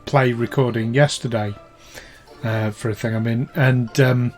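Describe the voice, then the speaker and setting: A British man, an actor, bantering casually with animated, swearing stories. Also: mid-range voice, a little slow, faint music behind. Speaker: player, actor.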